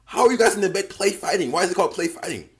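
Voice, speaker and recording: A man's voice: high-pitched, animated, rapid-fire. Slangy, profane man coaching on dating. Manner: slangy, profane, emphatic street talk; repeats phrases and addresses listener as bro. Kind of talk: casual advice monologue.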